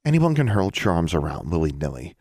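A man voicing a composed older witch sister who gives measured, quiet advice. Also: sits low, very animated, husky, no echo, clean studio sound, heavily acted.

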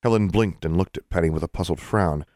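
A man narrating a fantasy audiobook in an expressive storytelling manner. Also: low-pitched, a little fast, no echo, studio quality. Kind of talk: scripted narration.

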